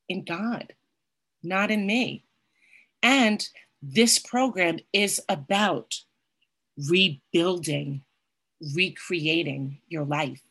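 Middle-aged woman, low voice, earnest personal recovery talk, tag questions. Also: extremely slow, pauses often, fairly bright tone, slightly rough. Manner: earnest, often adds "right?". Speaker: recovery group speaker.

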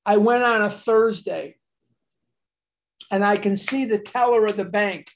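A man's voice: sits high, a little slow. Older man telling an earnest confessional story. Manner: earnest, confessional, with emphatic bursts. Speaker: speaker sharing at a recovery meeting. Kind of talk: personal storytelling share.

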